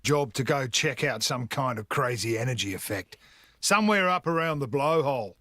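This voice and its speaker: A man voicing an eager young male video game character with a brisk delivery. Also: mid-range voice, expressive, sharp tone, no echo, clean studio sound.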